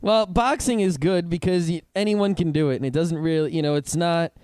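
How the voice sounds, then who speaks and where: A man's voice: a little high, a little fast, a little mellow, clean tone, no room sound. A young man co-hosting a podcast, bantering bluntly and laughing in casual chat. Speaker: podcast co-host.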